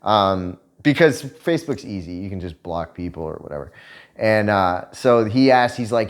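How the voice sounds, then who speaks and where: A man vlogger telling stories in a casual chat, profane and animated, laughing as he tells them. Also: lowish voice, moderate pace.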